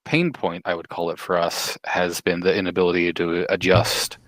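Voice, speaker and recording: A man from a gaming community asking the guest a careful, measured question over a voice call. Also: low-pitched, level tone, a bit bright, no echo. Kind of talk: casual conversation.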